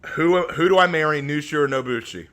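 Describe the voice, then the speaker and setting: A man's voice: on the high side, brisk. A young man live-streaming, reading chat aloud and answering with joking, rambling banter. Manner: animated, joking, rambling with frequent repeats.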